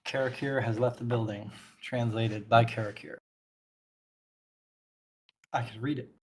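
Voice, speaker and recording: A man's voice: mid-range voice, steady tone, measured pace, slight background noise. A man as game master of a tabletop game, laughing and self-deprecating between scenes.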